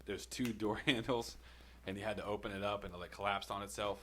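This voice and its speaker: Very deep-voiced man swearing through a story. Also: fairly even intonation, brisk, sharp tone, a little hiss or hum. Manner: profane, rambling, laughs between lines. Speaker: podcast co-host telling a personal story. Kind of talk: casual storytelling.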